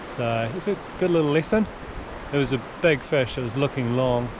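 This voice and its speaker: Host, NZ-accented man, mid-pitched, chatty outdoor commentary over loud wind noise. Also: normal speed. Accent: New Zealand. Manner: chatty, running commentary on the fishing. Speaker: host of a fishing show. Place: outdoors by a river, windy.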